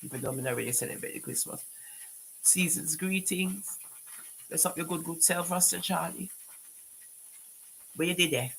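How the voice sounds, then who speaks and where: Speaking with a Jamaican accent, a woman gives live-stream commentary, scolding people and talking back to her chat with patois phrases mixed in. Her voice is on the low side, gravelly and a bit bright, and she moves at a moderate pace with frequent pauses. The rough recording carries slight background noise.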